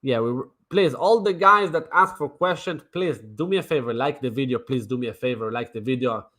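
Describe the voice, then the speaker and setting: A man livestreams crypto trading commentary in a brash, mocking manner, swearing and repeating himself in casual talk. His mid-range voice is fairly bright and fairly quick.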